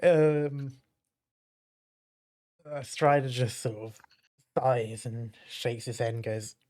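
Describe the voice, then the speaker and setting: A man's voice: mid-range voice, takes it slowly, a little mellow. A man narrating a tabletop game as game master, in a loose, rambling way with many fillers.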